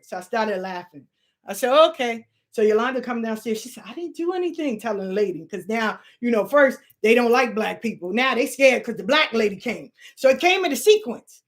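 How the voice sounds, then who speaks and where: A middle-aged woman telling a long personal story in casual, profane, animated talk, slipping into the voices of the people she quotes. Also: a little high, fairly quick. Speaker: spiritual channel host.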